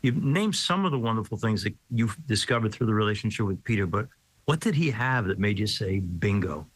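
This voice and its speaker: Middle-aged guy hosting an interview, kinda low voice, dry close sound, easygoing and friendly. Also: animated, a little fast, breathy edge, dry recording, poor audio. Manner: warm, easygoing interviewer who laughs readily. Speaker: host.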